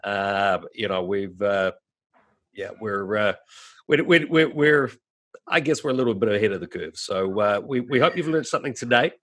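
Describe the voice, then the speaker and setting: A man's voice: fairly low pitch, expressive, moderate pace, a bit bright. A man hosting a casual video chat, talking loosely with many fillers and restarts. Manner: chatty, filler-heavy, frequent restarts. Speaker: host.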